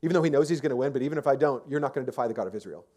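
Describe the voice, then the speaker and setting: A man's voice: mid-range voice, lively intonation, rapid-fire, mellow. A man preaching a sermon as pastor, telling the story in a casual, chatty way with lots of fillers and restarts. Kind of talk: conversational sermon.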